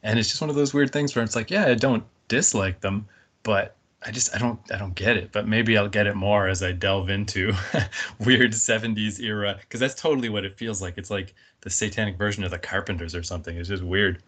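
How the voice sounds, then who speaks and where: A man's voice: on the low side, steady tone, a little fast, fairly bright tone. A man talking casually about a film on a podcast, rambling and laughing often. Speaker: podcast guest.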